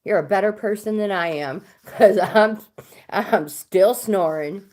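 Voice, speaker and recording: A woman's voice: mid-range voice, unhurried, a little mellow. Middle-aged woman, chatty livestream host reading cards, casual. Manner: chatty, reads viewer comments aloud. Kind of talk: casual live chat.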